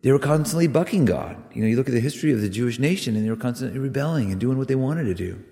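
A man preaching a sermon, earnest and emphatic, with sudden loud rises on key words. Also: medium pitch, expressive, rapid-fire. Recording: long reverb of a hall.

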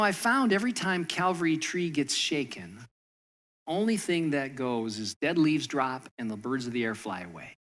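A male pastor preaching a sermon in a conversational, storytelling way, acting out quoted lines with lively shifts. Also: a little high.

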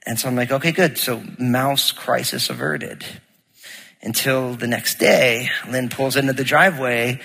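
A middle-aged man preaching a sermon as pastor, telling a story in an animated way and acting out what people said. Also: medium pitch, a little slow, gravelly, big-room sound. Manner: storytelling, animated, acts out quotes.

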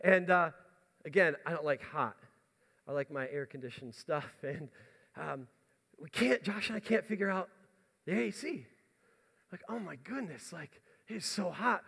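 A man's voice: sits high, gravelly, a bit bright. A man from the United States telling a self-mocking story as a pastor during a sermon. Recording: long hall reverb.

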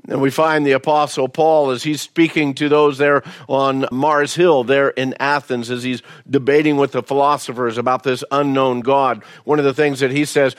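A man's voice: medium pitch, fairly even intonation, normal speed, few pauses, dry recording, studio quality. A male pastor preaching a sermon in a folksy, conversational way, telling stories and often repeating words as he goes. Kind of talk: storytelling sermon.

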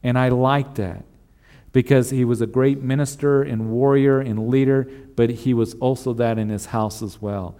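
A man's voice: medium pitch, steady tone, normal speed, warm tone. A male pastor preaching a sermon in an earnest way, repeating emphatic refrains.

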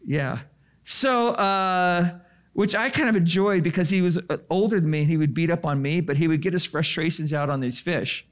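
A man with a high voice tells a story to a live audience, chatty and animated. He rambles, restarts his sentences and leans on fillers as he goes. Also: normal speed.

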